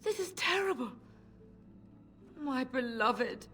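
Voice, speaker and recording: A woman's voice: high voice, animated, slow, sharp tone, soft background music, full character voice. An actress voicing a woman in a video game who reacts to a letter with dismay.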